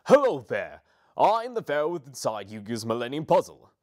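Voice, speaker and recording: A man's voice: mid-range voice, very animated, normal speed, darkish tone, pitched above the performer's own voice, close to an everyday voice. A man voicing a whiny, sarcastic ancient spirit.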